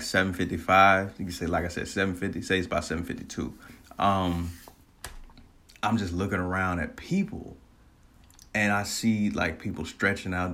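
A man casually telling a personal story, animated, laughing often and swearing freely. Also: sits low.

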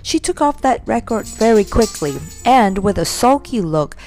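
A woman reading a children's story aloud in a lively, expressive way. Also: a little high, normal speed, soft background music.

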